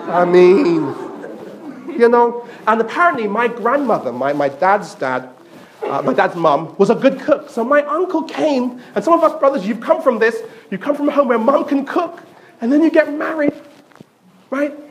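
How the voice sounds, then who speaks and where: A man's voice: very high voice, sing-song, moderate pace, slight background noise. A male pastor preaching a sermon, telling stories playfully and repeating himself often.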